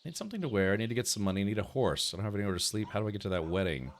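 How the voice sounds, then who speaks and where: A man's voice: on the low side, animated, rapid-fire. A man streaming a video game, casually thinking aloud and chatting with viewers in a rambling way. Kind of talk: casual gameplay commentary.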